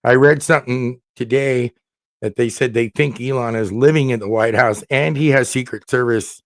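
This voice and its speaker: A man hosting a casual comedy chat, telling stories with animated energy. He jokes often and laughs his way through his tales. The voice sits mid-range and sounds dry and close. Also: mid-range voice, normal speed, dry recording. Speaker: podcast host.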